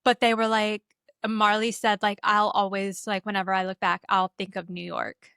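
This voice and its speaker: Young female podcast co-host, bubbly casual talker with a bright voice. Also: mid-range voice, little pitch movement, normal speed, creaky, clean tone, no echo, clean studio sound. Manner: chatty, bubbly, full of "like" and "um". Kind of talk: casual chat.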